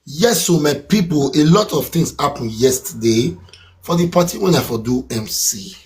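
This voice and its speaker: A man with a Nigerian accent hosting a live stream talk show in casual Pidgin. He talks in a loud hype-man way and breaks into chants and song. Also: fairly high pitch, expressive, normal speed, rough recording.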